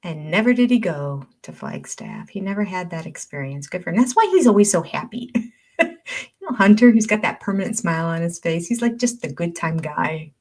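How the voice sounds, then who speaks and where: An older woman hosting a livestream, chatting casually, reading viewer comments aloud and laughing often. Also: low voice. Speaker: livestream host.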